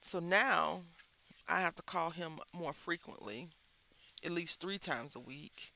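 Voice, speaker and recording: A man's voice: on the high side, slow pace, gravelly, bright, forceful tone. A man chatting casually to viewers while making a craft album, telling a rambling, candid story and addressing them as y'all. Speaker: craft vlogger.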